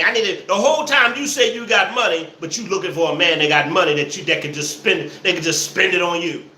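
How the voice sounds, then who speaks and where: Laughing, mocking man with a bright voice. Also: sits high, fast talker, hardly any pauses. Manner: loud laughing, mocking, repeats phrases. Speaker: host reacting to clips. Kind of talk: mocking commentary. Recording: echoey room, faint noise.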